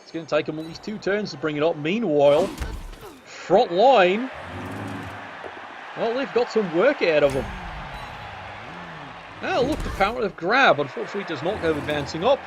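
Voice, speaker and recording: A man's voice: sits high, animated, moderate pace, pauses often, noisy background. A man giving cheeky, sardonic commentary on a tabletop game match.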